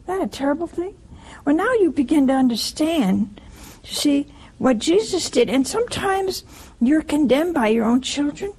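A woman's voice: sits high, lively intonation, normal speed, darkish tone, poor audio. A woman giving a conversational sermon in a homely way, often asking her listeners rhetorical questions. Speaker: preacher.

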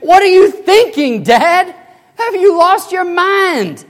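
A man preacher voicing an indignant, resentful older brother who protests in a drawn-out, exasperated way. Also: a little high, wildly swooping pitch, mellow, husky, long reverb tail, full character voice.

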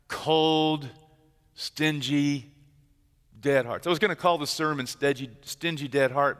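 A middle-aged pastor preaches with a bright, forceful, slightly high voice, telling the story dramatically and dropping from loud to hushed. The sound rings with a long reverb from the church hall. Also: male voice, a little slow, clean tone. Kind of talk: sermon. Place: church sanctuary.

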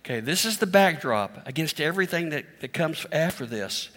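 A man's voice: a little high, expressive, normal speed, sharp tone. Middle-aged man preaching in a reverberant hall. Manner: candid, self-deprecating, conversational preaching. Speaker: pastor. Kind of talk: sermon.

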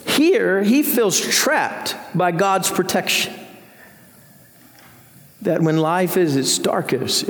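A man preaching a sermon as senior pastor, earnest, his voice climbing when he voices lament. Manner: earnest, rising in pitch when voicing Job's laments. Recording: long reverb of a church hall.

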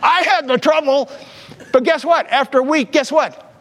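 Lively-pitched preacher in a reverberant church. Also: male voice, moderate pace. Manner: animated storyteller, mimics voices in quotes. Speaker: pastor. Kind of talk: sermon with storytelling. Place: church sanctuary with long reverb.

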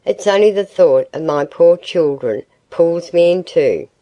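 A woman's voice: on the low side, expressive, unhurried, dark tone, poor audio. A woman voicing a tearful, pleading farmer's wife.

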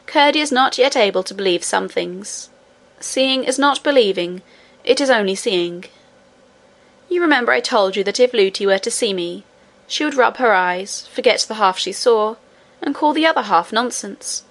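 A woman reading aloud, voicing an old grandmother who speaks calmly and gently. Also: medium pitch, moderate pace. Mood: gentle.

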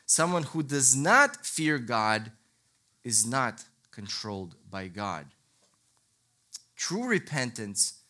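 A male preacher with a strikingly bright, clear-edged voice delivers a sermon. He teaches in an earnest, emphatic way and slips easily into lively storytelling. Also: medium pitch.

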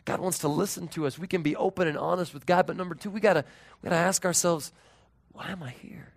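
A man in his thirties preaching a sermon as pastor, earnest, moving between raised emphasis and hushed, tender tones. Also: high voice, fairly even intonation, fast, gravelly.

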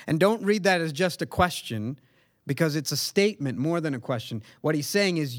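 A man preaching a sermon in an earnest, emphatic way, with dramatic pauses. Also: on the high side, fairly bright tone, no echo, clean studio sound. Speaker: pastor.

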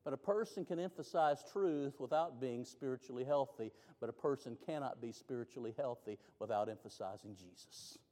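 A man's voice: mid-range voice, a little fast, few pauses. Man preaching in a reverberant hall. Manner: dynamic preaching, swings from loud climaxes to hushed lines. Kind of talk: sermon. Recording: long reverb of a large hall.

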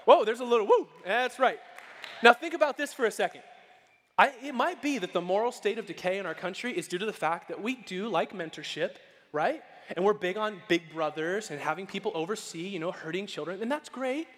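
A man preaching a sermon as pastor, animated and playful, acting out quoted voices as he goes. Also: sits high. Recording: long hall reverb.

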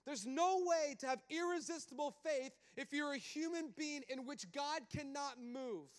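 High-voiced preacher in a reverberant hall. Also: male voice, normal speed. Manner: animated, conversational storytelling with asides. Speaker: pastor. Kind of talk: sermon.

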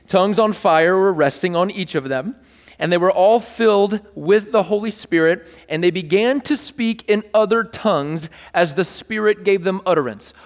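A man preaching a sermon to a congregation, playful and animated, joking with the crowd between scripture readings. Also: sits high, moderate pace, in a large hall. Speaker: pastor. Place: church hall with a live audience.

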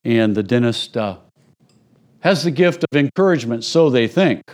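A middle-aged man, a pastor, delivering a sermon in a loose, conversational tone. His voice sits at an ordinary pitch for a man. He keeps the talk casual and speaks straight to the congregation. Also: expressive, normal speed, a little mellow. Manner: conversational preaching with acted-out little scenes.

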